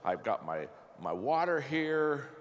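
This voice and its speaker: Folksy preacher telling a story in a hall. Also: male voice, medium pitch, slow pace. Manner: folksy, self-deprecating, animated storytelling with repeated restarts. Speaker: pastor. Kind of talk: storytelling sermon.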